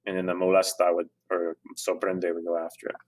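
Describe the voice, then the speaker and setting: A man talks through a screen-recorded grammar lesson. He sounds relaxed and conversational, dropping fillers and correcting himself as he goes. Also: sits low, brisk. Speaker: Spanish teacher.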